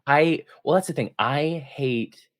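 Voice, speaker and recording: A podcast co-host on a political show chats casually and upbeat, laughing often and reading headlines aloud. His voice is on the high side and slow, recorded in studio quality with no room sound.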